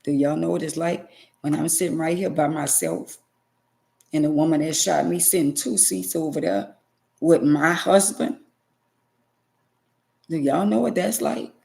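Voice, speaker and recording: A woman's voice: low voice, a little slow, gravelly, pauses often, warm tone. A middle-aged woman vlogger giving an emotional personal testimony to her viewers, emphatic and preachy, repeating phrases for stress.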